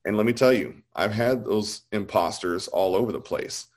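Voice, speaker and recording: A man's voice: fairly low pitch, normal speed, slight background noise. A man in his forties from Illinois, chatting casually and animatedly, with frequent restarts. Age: 40s. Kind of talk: casual chat.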